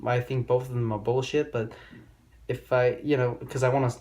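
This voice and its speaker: A young man talks straight to camera in a casual vlog monologue. He rambles and swears freely, stringing together stories with loose, run-on grammar. His voice sits at an ordinary, middle pitch for a man. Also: fairly even intonation, moderate pace, a little mellow. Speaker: vlogger giving dating advice.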